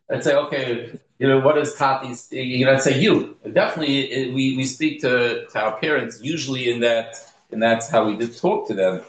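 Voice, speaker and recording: A man's voice: mid-range voice, roomy sound, a little hiss or hum, low-quality recording. A man teaching a Torah class as a rabbi, talking conversationally, asking rhetorical questions and mixing in Hebrew terms. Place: synagogue room.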